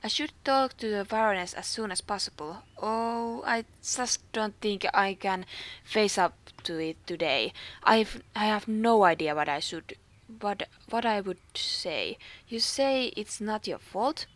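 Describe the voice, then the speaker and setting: A woman's voice: mid-range voice, a little slow, fairly bright tone, close to an everyday voice. A woman with a Finnish accent reading aloud as a hot-tempered female stable keeper in a game, stumbling and restarting words. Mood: worried.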